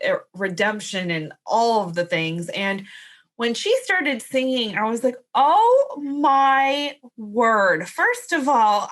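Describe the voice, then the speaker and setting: A woman's voice: medium pitch, fairly bright tone. A woman co-hosting a podcast, chatting casually and laughing as she tells stories. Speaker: podcast co-host. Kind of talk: casual chat.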